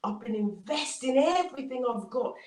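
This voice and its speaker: A woman's voice: mid-range voice, moderate pace, close to an everyday voice. A woman voicing a despairing, struggling male farmer who pleads in repeated laments. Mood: anguished. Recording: roomy, distant mic.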